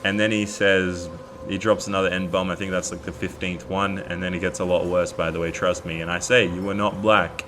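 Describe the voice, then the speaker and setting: A man's voice: deep voice, flat delivery, a little fast, noisy background. An Australian man telling a story in a casual vlog, bemused as he recounts chat messages. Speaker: YouTuber.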